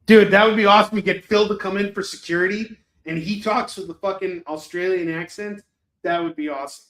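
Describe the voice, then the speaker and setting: A man's voice: high voice, fairly even intonation, a little fast, fairly bright tone. A man rambling and swearing casually while selling comics on a live stream. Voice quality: profane, rambling, joking.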